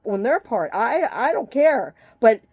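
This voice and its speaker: A woman delivers a scattershot rant to the camera, her sentences breaking off and restarting as she leaps from one grievance to the next. Her voice sits on the higher side and swings dramatically up and down. She swears freely, and the sound is dry and close, with no room around it. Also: very animated, a little slow, a little mellow, husky, no room sound. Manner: agitated, profane, jumps between topics; speaks in fragments with frequent restarts. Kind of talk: rambling direct-to-camera rant.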